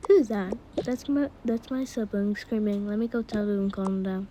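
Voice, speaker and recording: A woman's voice: medium pitch, fairly even intonation, normal speed, few pauses, dark tone, slight background noise. A woman chatting as she plays a pretend game, voicing her characters and now and then shrieking for a crying baby. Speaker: player narrating a pretend-play game. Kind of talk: casual play narration with character voices.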